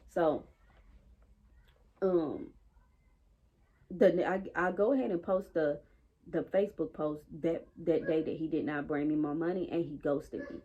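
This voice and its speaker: Husky low-voiced woman vlogging. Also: moderate pace, dull audio. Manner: animated and exasperated, acting out her own side of conversations; talking while working out. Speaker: vlogger telling a story. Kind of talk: casual storytime chat.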